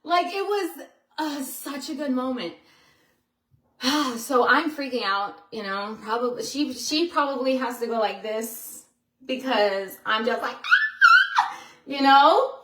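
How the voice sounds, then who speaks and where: High, slow-talking chatty vlogger woman. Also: reverberant, low-quality recording. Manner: chatty, with frequent fillers like "you know" and "like"; excitable storyteller who acts out quotes. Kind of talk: casual vlog monologue.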